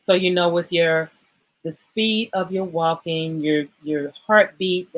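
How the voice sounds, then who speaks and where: A woman's voice: low voice, rough recording. A woman hosting a casual fitness livestream, talking in a rambling, emotional way, choked up and apologizing as she goes. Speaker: livestream host.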